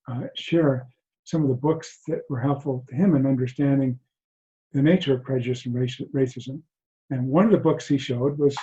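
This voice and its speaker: A man teaching mindfulness to an online group, speaking softly and haltingly with frequent restarts over a video call. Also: medium pitch, slight background noise. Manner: soft-spoken, halting, many restarts. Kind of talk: reflective talk to an online group. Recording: dull lo-fi video call audio.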